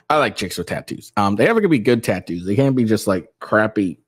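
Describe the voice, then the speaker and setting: A young man hosts his own commentary show in a loose, rambling way. He talks in a low voice that swoops up and down, often restarts his sentences and laughs between points. The sound is dry and close. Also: expressive, normal speed, breathy edge, no room sound. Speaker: show host. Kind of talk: casual opinion commentary.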